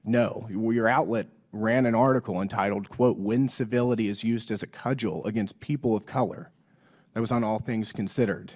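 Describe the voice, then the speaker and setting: A man with a hoarse voice from a cold, a lawmaker questioning a witness at a hearing in blunt, pointed questions and reading quotes aloud. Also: on the low side, steady tone, normal speed, a little mellow. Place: hearing room.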